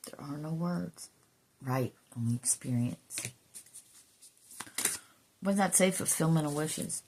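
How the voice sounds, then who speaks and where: A woman giving an emotional, earnest spiritual card reading, sometimes dropping into soft whispers and swearing casually. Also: deep voice, animated, measured pace, long pauses, slight background noise. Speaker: intuitive card reader.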